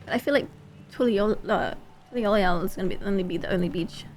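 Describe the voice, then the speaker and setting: A woman streamer chatting casually while she plays a game, excitable and quick to swear. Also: medium pitch, soft background music. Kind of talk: casual gameplay livestream chat.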